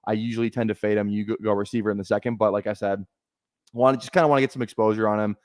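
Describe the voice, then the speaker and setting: A man's voice: fairly low pitch, steady tone, rapid-fire, darkish tone, no echo, clean studio sound. A man streaming casually, thinking aloud in a rambling way with lots of fillers. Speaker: fantasy football streamer. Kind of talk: casual live-stream commentary.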